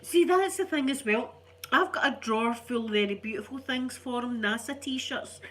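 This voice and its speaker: A middle-aged Scottish woman, ill and congested, telling stories in an animated, chatty way. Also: fairly high pitch, normal speed, slight background noise. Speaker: vlogger. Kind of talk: casual storytelling chat.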